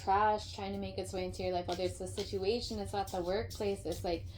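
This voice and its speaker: A woman's voice: medium pitch, fairly even intonation, brisk, a little mellow. Rambling, swearing woman reading tarot. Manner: rambling, emphatic, frequent swearing and "like" fillers. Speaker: tarot reader. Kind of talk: casual spoken tarot reading.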